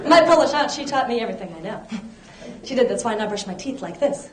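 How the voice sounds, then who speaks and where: A woman's voice: a little high, expressive, normal speed, long pauses. A woman from the area, doing a stand-up set with a wry, punchy delivery. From Boston area. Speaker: stand-up comedian. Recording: roomy stage sound, loud crowd and noise.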